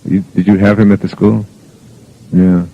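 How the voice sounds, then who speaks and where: An older man with a very low, deep voice gives a spoken motivational talk. He wanders from one anecdote to the next, restarting sentences as he goes. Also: level tone, normal speed, vocal fry, highs cut off. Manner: rambling anecdotal storytelling. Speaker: motivational speaker.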